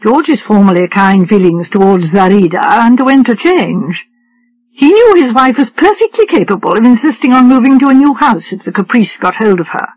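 A woman audiobook narrator reading a story in a measured, even way. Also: a little high, rough recording. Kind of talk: scripted narration.

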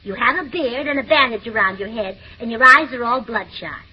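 Chirpy scatterbrained woman, high voice. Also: a little fast, a little hiss or hum. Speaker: comedy show co-star. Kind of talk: 1940s radio comedy. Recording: dull old radio broadcast.

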